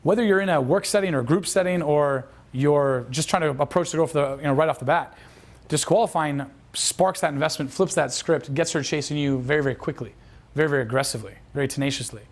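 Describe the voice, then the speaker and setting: Speaking a little high and quickly, this man teaches as a dating coach, drifting from point to point. He often starts his sentences over and performs the quoted dialogue.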